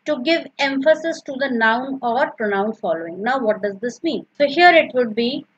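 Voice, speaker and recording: A woman's voice: a little high, expressive, moderate pace, slightly rough, lo-fi sound. A woman teaching a recorded grammar lesson, patiently repeating each example and explaining step by step.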